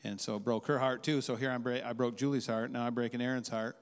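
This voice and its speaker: Candid man telling his story, smooth voice. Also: mid-range voice, little pitch movement, in a large hall. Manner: halting, candid, reflective. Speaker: guest. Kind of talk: personal testimony.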